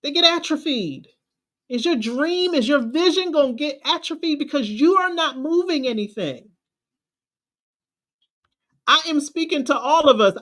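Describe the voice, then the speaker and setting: A woman's voice: sits high, a bit bright. A woman confidence coach, giving an emphatic, preachy motivational talk. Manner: preachy, emphatic, drawn-out phrasing.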